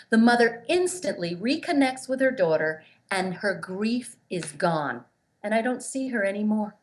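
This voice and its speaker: A woman's voice: medium pitch, animated, unhurried. A woman being interviewed as a guest, telling stories earnestly and with emphasis, acting out the voices of the people she quotes. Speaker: guest, relationship therapist. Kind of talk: interview storytelling.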